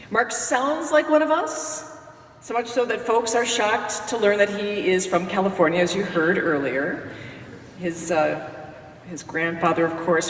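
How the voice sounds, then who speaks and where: A woman's voice: on the low side, a little hiss or hum. A woman who hosts a radio morning show gives a folksy, joking tribute speech at a podium in a lecture hall. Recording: echoey hall from far off.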